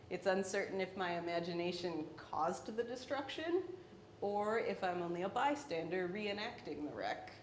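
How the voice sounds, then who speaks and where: Wry young woman in an echoey room. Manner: wry, self-deprecating, laughs between points. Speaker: artist presenting her paintings. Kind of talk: artist talk about her work. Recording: echoey room with faint rumble.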